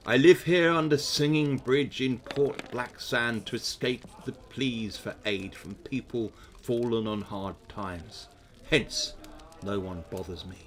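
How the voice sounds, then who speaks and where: A man voicing a stern, tired old male wizard in a calm, measured way. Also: mid-range voice, background noise, lightly acted. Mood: weary, calm. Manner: calm, slow, measured reading.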